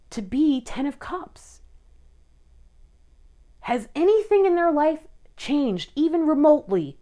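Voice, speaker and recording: A woman's voice: sits high, a little mellow. A woman giving a casual, emotional tarot reading and talking straight to her viewers. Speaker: tarot reader.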